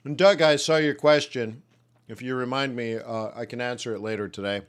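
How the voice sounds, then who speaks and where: A man's voice: medium pitch, fairly even intonation, normal speed, clear, resonant tone. A man hosting a live trading webinar, loosely musing on jobs data and answering viewers' questions in a joking way. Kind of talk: live market commentary to chat.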